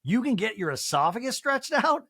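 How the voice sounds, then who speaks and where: A man's voice: very high-pitched, big pitch swings, normal speed, gravelly, a bit bright, husky, dry recording, studio quality. A man hosting a podcast, recapping reality TV with sarcasm, swearing and mimicry. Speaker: podcast host.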